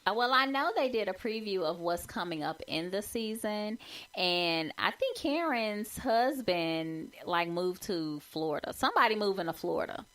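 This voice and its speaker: A woman co-hosting a podcast, chatting casually and animatedly, her voice jumping up when she makes a point. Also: moderate pace. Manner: animated, conversational, swings high when emphatic. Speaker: podcast co-host. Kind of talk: casual chat.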